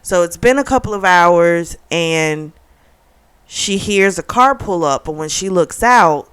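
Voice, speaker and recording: A woman reviewing a book, retelling the plot in a chatty, animated way and often saying "like". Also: on the low side, slow, smooth. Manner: chatty and animated, heavy use of "like", laughs often. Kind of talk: casual plot recap.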